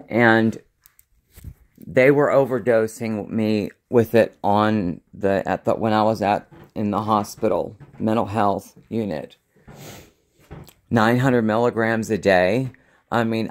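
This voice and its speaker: A man rambling casually through a show-and-tell video, with a slight lisp and slightly slurred speech, often halting and restarting. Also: on the low side. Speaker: vlogger.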